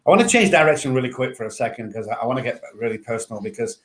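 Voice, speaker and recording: A man hosting a podcast in a mid-pitched, ordinary voice. He speaks bluntly and frankly and drops casual swear words into the conversation. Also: expressive, very fast, a bit bright. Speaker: podcast host. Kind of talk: conversational interview.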